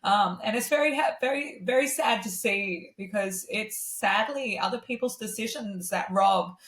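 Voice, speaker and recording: A woman's voice: medium pitch, normal speed, fairly bright tone. A woman, a guest singer-songwriter talking candidly in a casual conversation, telling her stories in an earnest way. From Australia. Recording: roomy echo.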